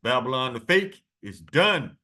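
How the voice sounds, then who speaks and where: A man reading scripture verses slowly and adding blunt, profane commentary between them. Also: medium pitch, very animated, bright, forceful tone. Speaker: preacher.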